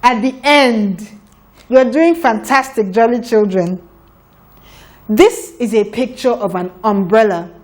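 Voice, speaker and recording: A woman's voice: on the high side, measured pace. A woman teaching a phonics lesson to young children, sounding out letters patiently and praising often.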